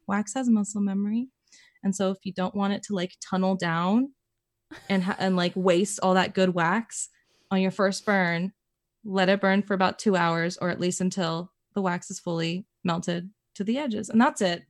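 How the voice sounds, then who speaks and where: A young woman co-hosting a casual podcast, telling stories in a lively way and acting out what others said. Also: mid-range voice, moderate pace. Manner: animated storyteller, acts out quotes, swears casually. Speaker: podcast co-host. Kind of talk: casual chat.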